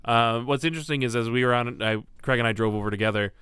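Rambly guy chatting on a podcast, smooth clear voice, dry close sound. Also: medium pitch, fast, fairly bright tone, no echo. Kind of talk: casual chat.

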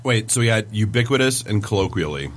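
A man's voice: lowish voice, animated, fairly quick. A man co-hosting a comedy chat, explaining and quipping in a dry, matter-of-fact way. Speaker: podcast co-host. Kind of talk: comedic banter.

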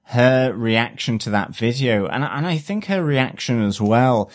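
A man's voice: medium pitch, lively intonation, a little slow. A man co-hosting a casual review podcast, rambling with many restarts and fillers. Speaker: podcast co-host.

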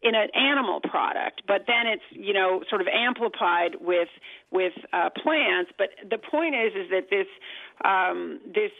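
A woman's voice: mid-range voice, lively intonation, a little slow, creaky, dry recording. A woman guest on a talk show, explaining her points emphatically. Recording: tinny phone line.

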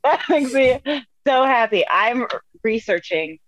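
A woman's voice: on the high side, expressive, slow, no echo, low-quality recording. A woman comedian hosting an interview, enthusiastic and laughing along with her guest. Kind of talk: casual interview chat.

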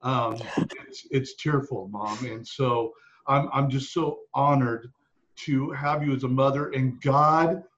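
A man's voice: mid-range voice, fairly even intonation, slow, fairly bright tone, a little hiss or hum. A man hosting a casual interview, earnestly prompting his guests with questions. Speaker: host. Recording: dull lo-fi audio.

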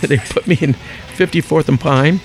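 Older philly guy, fast storyteller, slightly high voice, soft music behind. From Philadelphia. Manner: lively raconteur, acts out quotes, rattles off names. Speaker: guest. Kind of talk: anecdotal storytelling in an interview.

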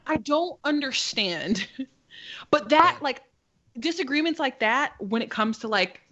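A woman co-hosting a podcast, telling stories in casual chat with lots of swearing and climbing pitch when she gets indignant. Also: lively intonation, a little slow, a bit bright, muffled recording. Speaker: podcast co-host.

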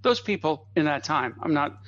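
A man telling a long anecdote as a guest on a podcast, a lively raconteur who drops in asides and chuckles. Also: fairly high pitch, normal speed. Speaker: guest comedy writer. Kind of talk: anecdotal storytelling in a podcast interview. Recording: dull, slightly lo-fi dry audio.

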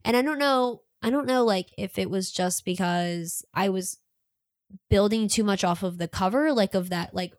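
A woman's voice: mid-range voice, moderate pace, no room sound, studio quality. A woman in a casual book review chat, rambling and filling her talk with "like". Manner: rambling, many fillers.

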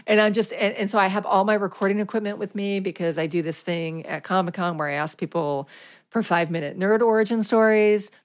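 A woman's voice: medium pitch, brisk. A woman in her thirties, a podcast host, telling a long story in casual chat. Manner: chatty, rambling storyteller with fillers and restarts.

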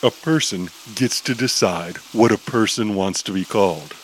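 A man narrating an audio drama in a steady, descriptive storytelling manner. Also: lowish voice, moderate pace, slight background noise, poor audio.

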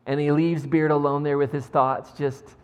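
A male pastor preaching a sermon, retelling a story in an animated way with frequent chuckles. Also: fairly high pitch, moderate pace, clean tone. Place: church. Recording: long church reverb, faint music.

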